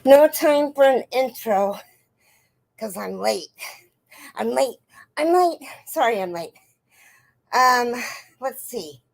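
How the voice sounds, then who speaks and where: A woman's voice: a little high, animated, slow pace, creaky, pauses often. A woman hosting a crochet livestream, chatting casually and greeting viewers by name in a sing-song lift. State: out of breath.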